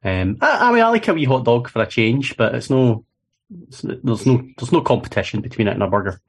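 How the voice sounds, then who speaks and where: Playful Scottish man, husky and lively. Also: medium pitch, brisk. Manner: playful, jokey. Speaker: podcast panelist. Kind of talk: casual panel chat.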